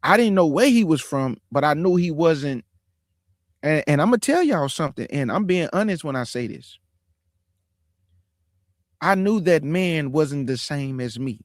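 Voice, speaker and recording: A man in his forties, hosting his own show, telling a personal testimony in a casual, animated, folksy way. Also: fairly high pitch, no room sound, studio quality. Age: 40s. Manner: animated, folksy, drawn-out emphasis. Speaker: show host.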